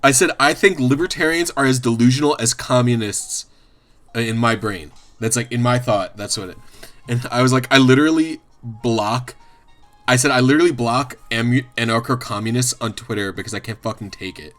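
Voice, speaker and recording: A man's voice: mid-range voice, brisk, a bit bright, faint music behind. A man streaming, chatting casually and ramblingly, swearing a lot and often laughing. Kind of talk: casual livestream chat.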